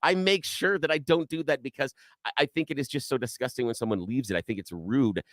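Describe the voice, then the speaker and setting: A male radio co-host in a dry studio chatting casually and working himself up into a lively story. His voice sits in a middle register, and he switches into shouty impressions of other people as he tells it. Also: mid-range voice, a little fast, dry recording. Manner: animated storyteller, acts out shouting quotes. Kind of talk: casual talk radio chat.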